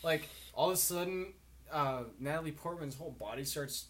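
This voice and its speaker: Drunk young dude rambling thru a movie plot, lots of swearing, bit of hiss behind. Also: male voice, fairly high pitch, normal speed, fairly bright tone. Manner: rambling, profane storytelling. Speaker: friend in a group chat. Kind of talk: casual chat.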